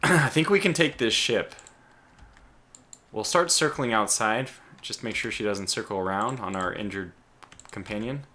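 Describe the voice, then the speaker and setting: A let's play host with a lowish, sharp voice comments on his game at a moderate pace. He reasons aloud with halting restarts and sudden exclamations, keyboard clicks audible behind him.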